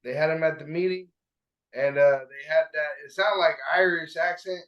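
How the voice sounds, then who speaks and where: A man reading scripture very slowly, drawing out each phrase, with a few casual asides. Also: on the high side, steady tone. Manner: very slow, drawn-out reading. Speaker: scripture reader. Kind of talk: reading aloud in a discussion. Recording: dull, muffled sound.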